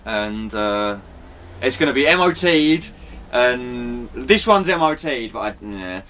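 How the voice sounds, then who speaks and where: A man's voice: medium pitch, animated, takes it slowly, a bit bright, a little hiss or hum. A man giving a rambling, apologetic vlog update, chatty and swearing now and then. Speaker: vlogger.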